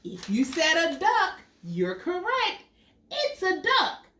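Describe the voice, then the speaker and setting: Woman teacher, storybook read-aloud for kids, lively swooping voice, unhurried, echoey room, mic set back. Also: very high voice, recorded from a distance, a little hiss or hum. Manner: expressive storytelling, acts out sound words and quizzes children. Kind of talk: picture-book read-aloud lesson for young children.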